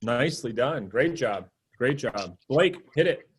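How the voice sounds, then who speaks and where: A man's voice: medium pitch, expressive, breathy edge. Upbeat male coach on a video call. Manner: upbeat, quick praise and cues. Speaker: sales coach. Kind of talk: live group coaching call.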